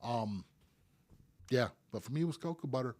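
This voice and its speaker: A man's voice: mid-range voice, expressive, moderate pace, a little mellow. A middle-aged man, a professional piercer, hosting a live stream and answering viewer questions in a friendly, rambling way. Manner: friendly, rambling advice with repeated words. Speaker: professional piercer and show host.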